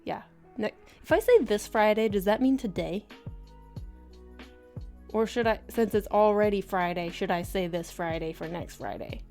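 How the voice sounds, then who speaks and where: A woman's voice: mid-range voice, moderate pace, long pauses, dark tone. A woman art streamer chatting casually on a livestream, bubbly and giggly as she greets her viewers. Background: faint background music.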